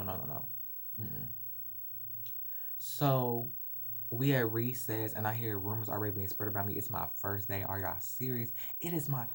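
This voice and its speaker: A young adult man earnestly telling a personal story in a confessional vlog, recorded on a phone. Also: fairly low pitch. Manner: earnest, animated, emotional retelling. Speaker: vlogger.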